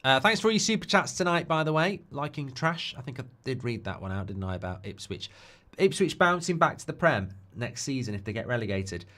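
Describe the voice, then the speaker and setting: A man's voice: mid-range voice, very animated, fairly quick, fairly bright tone. A man hosting a live football watchalong stream, chatting casually and reacting to viewer messages. He is opinionated and keeps tacking on tag questions, and he gets heated and ranty when he makes a point.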